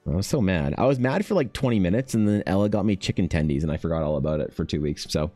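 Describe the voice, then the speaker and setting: A young Canadian man streams himself drawing, talking casually with chat as he rambles, swears, and laughs. His low, warm voice moves fast and animated, with soft music playing in the background.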